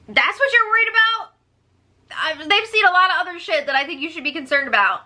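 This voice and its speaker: A woman's voice: very high voice, animated, fast talker, pushed and bright. A woman giving a gossipy, sarcastic casual recap of a reality show, breaking into disbelieving exclamations. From United States.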